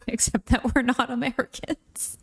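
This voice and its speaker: A Canadian woman co-hosting a casual chat, playful and quick to laugh. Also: fairly high pitch, fairly even intonation, vocal fry, breathy edge. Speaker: co-host.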